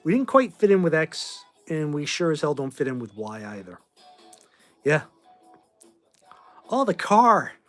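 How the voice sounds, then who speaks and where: A fairly high, sing-song male voice at a moderate pace, with faint music in the background. He's a Boston host in his forties running a casual livestream chat, answering viewer questions in a rambling, offhand way and giving blunt opinions.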